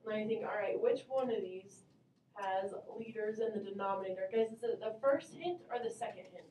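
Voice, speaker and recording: A woman's voice: mid-range voice, brisk, dark tone. A woman math teacher leading a classroom lesson, upbeat, quizzing the class and calling on students, recorded from across the room. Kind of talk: classroom instruction. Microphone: distant camera mic. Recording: roomy classroom, voice from far off, faint hum.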